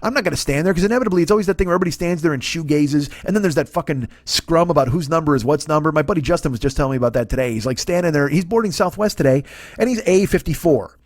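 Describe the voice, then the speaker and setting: Comedian guy in his 40s ranting and cussing on his podcast, talks super fast, dead dry sound. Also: fairly high pitch, lively intonation, dry recording. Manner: ranting, heavy swearing. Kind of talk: profane comedic monologue.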